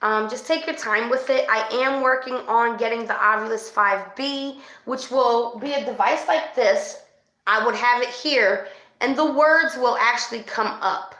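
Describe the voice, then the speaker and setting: A woman with a fairly high voice hosts a livestream spirit session as a psychic reader. She is chatty and easily worked up, calling her viewers babes. The sound bounces around an echoey room. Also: a little slow, pushed and bright.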